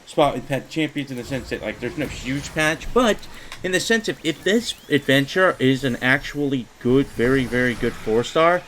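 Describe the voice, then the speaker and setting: A man's voice: mid-range voice, animated, normal speed, fairly bright tone, slight background noise, low-quality recording. A young man giving casual, rambling commentary over his own card-game run, full of fillers and mild frustration. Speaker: gaming YouTuber.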